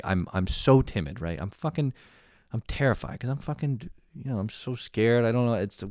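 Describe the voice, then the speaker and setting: A man's voice: deep voice, dry recording, clean studio sound. A young man ranting casually to camera, profane and rambling, often laughing at himself. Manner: profane, rambling, self-deprecating. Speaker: vlogger. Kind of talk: casual rant.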